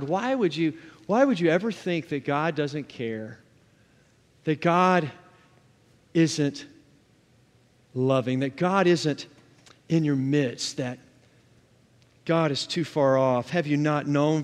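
A man's voice: a little high, in a large hall. A man preaching a sermon as a pastor, emphatic, with repeated refrains and scripture read aloud.

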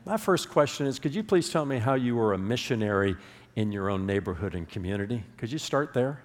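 A man's voice: fairly low pitch, expressive, a little fast, in a large hall. A man preaching a sermon as pastor, emphatic, drawing his congregation into call-and-response. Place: church sanctuary.

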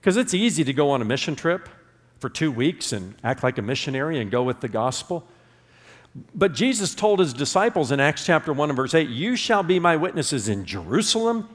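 Man, pastor, sermon, emphatic, call-and-response, lively swinging pitch, long church reverb. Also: normal speed. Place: church sanctuary.

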